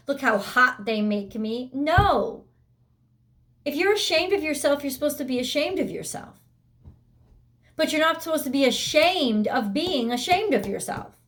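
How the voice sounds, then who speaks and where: Tarot reader, woman, slightly high voice, blunt and emphatic, swears casually. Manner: blunt and emphatic, swears freely, voices the listener's inner thoughts. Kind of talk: weekly tarot reading.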